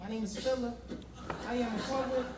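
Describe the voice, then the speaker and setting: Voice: medium pitch, fairly even intonation, moderate pace, a little hiss or hum, lightly acted. A performer playing a nine-year-old boy who raps a proud, sing-song poem in a stage musical, heard as film audio. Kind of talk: musical theater rap.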